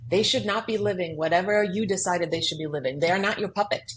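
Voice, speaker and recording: An earnest woman guest in a podcast studio, telling her story with emphasis. Her voice sits on the low side for a woman, and she acts out her own anxious inner voices. A faint noise hums under the recording. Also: fast, low-quality recording. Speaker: guest author.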